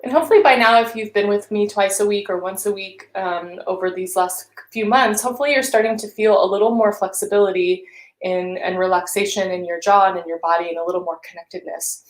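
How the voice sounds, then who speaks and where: A woman coaching a vocal warm-up, talking listeners through each exercise in a gentle, encouraging way. Her voice sits at an ordinary middle pitch for a woman. The room adds a noticeable echo around her. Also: steady tone, a little fast. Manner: gentle, encouraging guidance with hums and sung syllables. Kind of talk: live-streamed vocal warm-up instruction. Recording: roomy echo.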